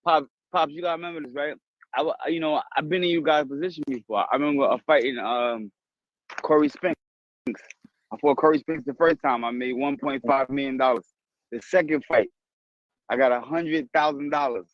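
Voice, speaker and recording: A man who is a former boxer, interviewing in a calm, reassuring, conversational way. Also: on the high side, fairly quick, no echo. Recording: dull lo-fi audio.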